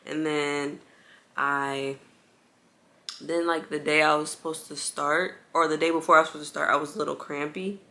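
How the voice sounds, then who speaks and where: Speaking at a normal speed in a low, steady, sharp-toned voice, a young vlogger tells viewers her story. She keeps it casual and chatty, full of "like" fillers and plenty of y'all. All the while she's at home bouncing on an exercise ball with a baby.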